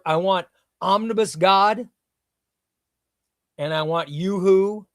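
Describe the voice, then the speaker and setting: A man's voice: a little high, dry recording, studio quality. A man hosting a casual comics livestream, chatting loosely and reading viewer comments aloud. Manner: hypes sponsor in a shouted ad read. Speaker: livestream host.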